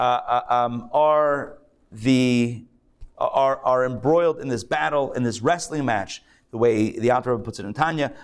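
A man, a rabbi, giving a conversational, joking lecture to a live class, thinking aloud and restarting his sentences. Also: medium pitch. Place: synagogue class.

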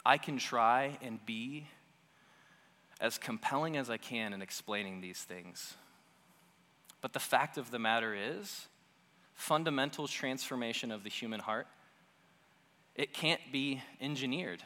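A man preaching a sermon in a conversational, animated teaching manner, often repeating phrases for emphasis. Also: medium pitch, unhurried, long pauses, big-room sound.

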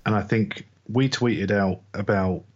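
A man's voice: lowish voice, steady tone, unhurried, a little mellow. A man co-hosting a casual sports podcast, joking in a dry, laid-back way. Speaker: podcast co-host. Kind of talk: casual chat. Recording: dull lo-fi sound.

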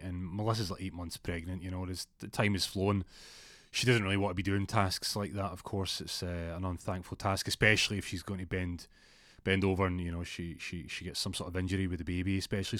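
A young man tells a spooky story in a loose, rambling way, often restarting his sentences. His voice sits on the low side. The recording is dry and close. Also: no room sound. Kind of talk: casual spoken storytelling.

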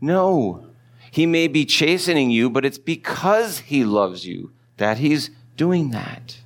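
A man preaching a sermon as pastor, talking in a relaxed conversational way and putting questions to his listeners. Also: a little high, slow pace. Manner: conversational, asks the congregation questions.

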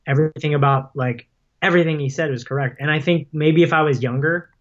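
A man's voice: on the high side, quick pace, fairly bright tone. A man talking as a podcast guest in casual conversation, telling stories in a rambling way, full of "like" and "um". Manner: rambling storyteller, heavy use of "like" and "um". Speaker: podcast guest, paintball player and vlogger. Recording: dull lo-fi sound.

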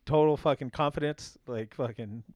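A man in a podcast chat who tells stories with stumbling restarts and plenty of swearing. His voice is mid-pitched and sounds close and dry. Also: darkish tone, no room sound. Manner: rambling, halting, heavy swearing. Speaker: podcast co-host. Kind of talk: casual chat.

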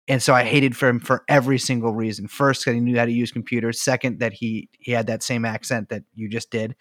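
A man hosting a podcast in casual chat, rambling through jokey anecdotes. His voice sits at an average pitch and sounds dry and close to the mic. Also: level tone, a little fast, fairly bright tone, dry recording. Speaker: podcast host.

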